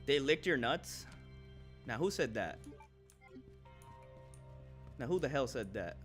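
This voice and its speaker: A young man streaming gameplay, joking with chat and breaking into sudden shouts. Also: mid-range voice, very animated, slow pace, soft background music. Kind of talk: live gameplay commentary.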